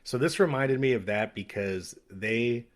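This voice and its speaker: A man's voice: mid-range voice, a little slow. A man co-hosting a podcast, talking in an easygoing, rambling way. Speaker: podcast co-host. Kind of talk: casual chat.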